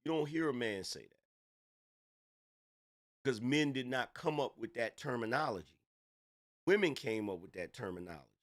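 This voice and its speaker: A man's voice: medium pitch, animated, normal speed, pauses often, a bit bright. A middle-aged man giving an opinion commentary monologue, emphatic and repetitive, lecturing with rhetorical questions.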